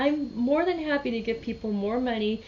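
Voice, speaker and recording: A woman's voice: on the high side, fairly quick, a little mellow, dull audio, a little hiss or hum. A woman reseller talking casually about her yard sale finds, rambling and restarting her sentences as she tells a story. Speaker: reseller vlogger. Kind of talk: casual chat.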